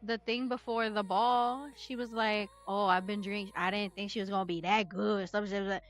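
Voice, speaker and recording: A woman co-hosting a book club podcast, chatting casually and reading passages aloud in an animated, laughing, slangy way. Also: medium pitch, normal speed.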